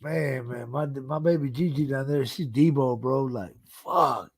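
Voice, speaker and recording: A man's voice: medium pitch, no echo. A middle-aged man, co-hosting a casual podcast, swearing and laughing a lot. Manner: laughs often, swears, drawn-out. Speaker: podcast co-host. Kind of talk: casual chat.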